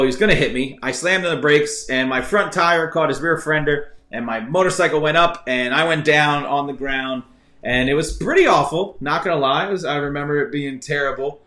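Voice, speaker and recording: A man's voice: on the high side, pushed and bright. A man hosting a live-streamed trivia game show who tells stories in a rambling, chatty way with many fillers and restarts. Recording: echoey room with faint music.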